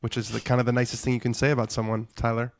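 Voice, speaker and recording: A man, a guest on a sports podcast, chatting casually with frequent restarts and animated venting. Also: mid-range voice, racing, no echo. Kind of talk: casual chat.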